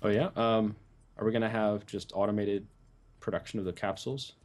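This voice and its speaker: A man hosting a multiplayer game session, chatting casually and telling stories in a rambling, animated way. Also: on the low side, a little fast. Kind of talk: casual gaming chat.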